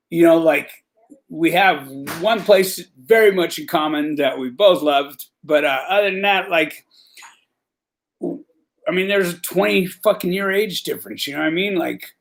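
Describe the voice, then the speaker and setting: A man's voice: on the high side, vocal fry. A man hosting a live stream, telling rambling prison stories with profanity, street slang and lots of fillers.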